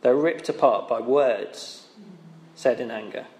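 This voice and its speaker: Male preacher, mid pitch, chatty sermon with tag questions, roomy church-hall echo. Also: slow pace, a little mellow. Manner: conversational, asks rhetorical tag questions.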